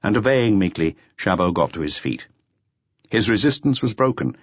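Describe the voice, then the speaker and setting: A man with a low voice narrates a mystery audiobook in measured, expressive tones. His delivery rises and falls in a lively way. The recording is close, dry and slightly lo-fi. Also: no echo. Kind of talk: scripted narration.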